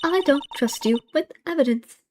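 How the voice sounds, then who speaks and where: A woman's voice: sits high, lively intonation, moderate pace, a little hiss or hum, voice pushed up. A woman voicing a sassy, scheming female witness with a smug, teasing manner while reading a courtroom game aloud.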